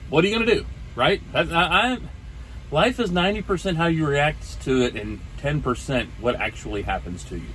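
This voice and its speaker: A man in his forties tells a casual story from inside his truck, doing the voices of the people he dealt with. His voice sits a bit high and moves a lot. A faint hum of the road runs underneath. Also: brisk, poor audio. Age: 40s. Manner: animated storyteller acting out dialogue. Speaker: trucker vlogger.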